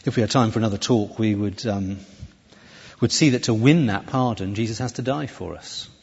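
A man preaching a sermon in a church, conversational and animated, often restarting his phrases. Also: lowish voice, normal speed, vocal fry, slightly rough. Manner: lively, conversational preaching with self-corrections. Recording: dull, echoey church hall recording.

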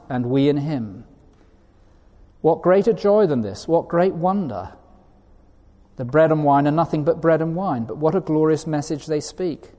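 A male preacher gives an earnest, emphatic sermon, now and then reading quotations aloud. His voice is dark and mellow at a middle pitch. It rings out with the long reverb of a large hall.

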